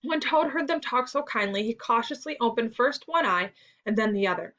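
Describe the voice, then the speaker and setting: A woman reading a classic story aloud in an expressive storytelling manner for a school reading lesson. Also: a little high, moderate pace. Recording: dull lo-fi recording.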